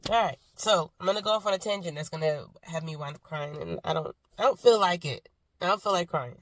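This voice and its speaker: A woman's voice: fairly low pitch, fairly quick, no echo. A woman in her thirties talking candidly about grief and faith in a personal vlog, reflective and rambling, sick with a cough. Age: 30s. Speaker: vlogger.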